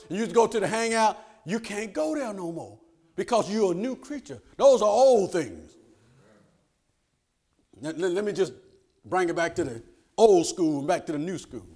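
An older man preaching a sermon, calling out to the congregation and rising to shouts. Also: high voice.

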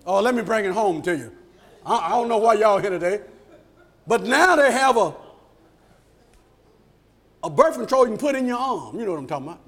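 A middle-aged man preaches in a high voice. His pitch leaps and swings widely as he builds toward shouted peaks. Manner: animated, shouts at peaks and acts out quoted voices. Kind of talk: sermon.

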